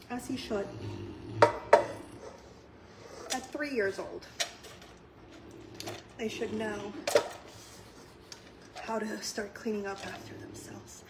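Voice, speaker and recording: A woman's voice: medium pitch, very noisy. A young woman hosting her own channel, chatting casually with viewers in a blunt, profane way and laughing often. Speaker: channel host, mother. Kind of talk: casual chat reacting to viewers.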